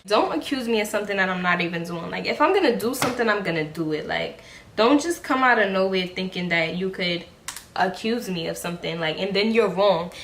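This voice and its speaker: A woman's voice: mid-range voice, a bit bright. Heated young woman vlogger, echoey room. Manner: heated, blunt, profane storytelling. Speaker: beauty vlogger. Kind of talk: get-ready-with-me storytime chat. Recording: echoey room, faint background hiss.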